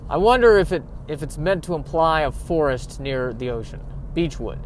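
A man's voice: on the high side, animated, moderate pace, a little hiss or hum. A man hosting a podcast, talking casually to himself while driving, rambling and joking at his own expense. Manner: self-deprecating, joking, rambling. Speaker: podcast host. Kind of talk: casual monologue.

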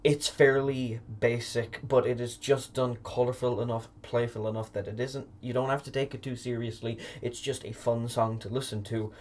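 A young man talks through an album in a casual, unscripted review. He is candid and opinionated, and he drops the odd curse word. His voice sits at an ordinary middle pitch. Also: fairly even intonation, normal speed, few pauses, darkish tone. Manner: opinionated and candid, with occasional swearing. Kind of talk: casual spoken music review.

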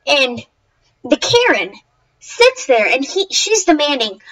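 A woman's voice: sits high, sing-song, slow, a bit bright, rough recording. A woman telling a story to her viewers in a casual, rambling way, often restarting and correcting herself. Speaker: YouTuber.

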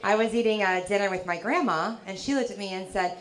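A woman from the South, performing a stand-up comedy set with a dry, teasing delivery and quick punchlines. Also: medium pitch, background noise. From American South. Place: comedy club stage. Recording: live club with loud crowd laughter. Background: audience laughter.

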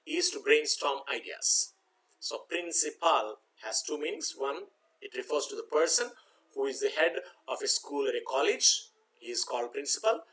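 Male teacher for an exam-prep lesson. Spells words letter by letter, repeats points patiently, voice bright and a little high. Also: poor audio. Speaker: English teacher.

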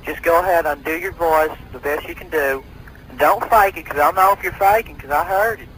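A man's voice: on the high side, brisk, fairly bright tone, a little hiss or hum, rough recording. A man playing a bumbling police officer on a prank call, trying to sort out a dispute. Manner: bumbling, mediating.

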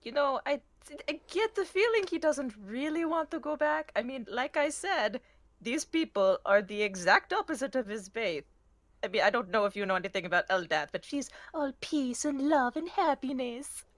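A woman's voice: high voice, lively intonation, moderate pace, dry recording. A woman playing an earnest adventurer raised in the forest, now and then turning sarcastic. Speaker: player. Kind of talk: in-character tabletop role-play.

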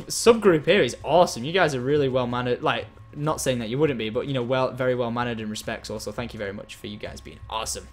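A man giving excitable live gameplay commentary as a game streamer, chatting with and thanking his viewers. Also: medium pitch, quick pace, few pauses.

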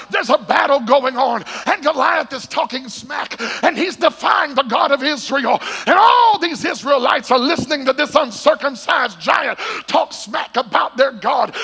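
A male preacher with a very high, bright voice, raspy and gravelly, who swings between fervent shouts and quiet storytelling. He preaches in a church sanctuary, and a long reverb rings after each phrase. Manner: shouting, excitable, and laughing between points. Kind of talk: Pentecostal sermon.

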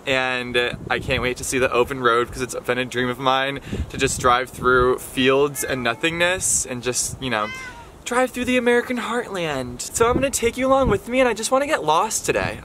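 A man in his twenties, chatting excitedly to a handheld camera on a solo road trip. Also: a little high. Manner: excitable and chatty, talking to himself on a solo drive. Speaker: vlogger. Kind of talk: casual travel vlog talk to camera. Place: in a car and outdoors on rural roads. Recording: audible car and outdoor noise.

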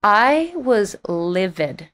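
A singer-songwriter speaks extremely slowly in a sing-song, slightly bright voice while sharing her story in a casual interview. She's candid with a sarcastic streak, acting out quotes with large jumps in pitch.

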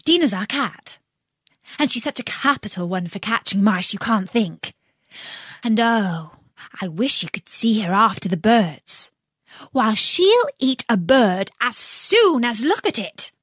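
Alice, an earnest and pleading young girl, put on by a woman in a storybook reading with a lively, rising pitch. Her words come slowly and carefully in a dry, close sound. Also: breathy edge, no echo, full character voice. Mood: eager.

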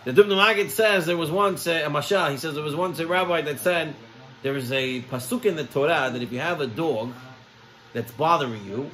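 A man, a rabbi, giving a storytelling sermon, lively and acting out the people in his stories. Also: poor audio. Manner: animated storytelling, acts out quoted characters with raised pitch.

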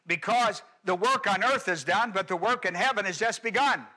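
Male preacher, high bright voice, emphatic sermon delivery that rises loud and drops soft. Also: normal speed. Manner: emphatic preaching with repetition, swings from loud to hushed. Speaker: pastor.

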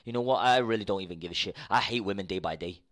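Racing through his words, a young man rants to his live-stream chat in casual, profanity-heavy talk. He repeats himself and jumps from low mutters to loud outbursts.

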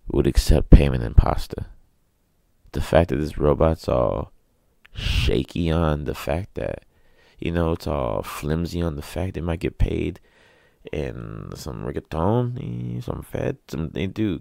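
A man with a very low, gravelly voice rants through a casual podcast monologue. His tone is dark and mellow, and he sounds close and dry. He keeps sarcastically asking himself questions and answering them. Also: no echo. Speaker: podcast host.

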